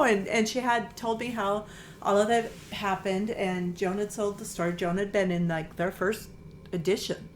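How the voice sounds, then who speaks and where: A woman's voice: medium pitch, steady tone, moderate pace, a little hiss or hum. A middle-aged woman who owns a quilt shop, chatting enthusiastically in an interview and telling stories with many fillers. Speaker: quilt shop owner, guest. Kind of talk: casual interview conversation.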